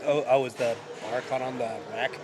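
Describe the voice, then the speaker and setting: A man with a congested voice commenting live on a powerlifting meet, with relaxed, self-correcting play-by-play and dry asides. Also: mid-range voice, moderate pace, background noise. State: congested from a cold.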